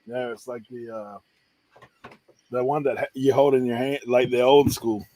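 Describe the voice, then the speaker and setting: A man in casual chat about reselling, telling animated stories and laughing often. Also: medium pitch, moderate pace.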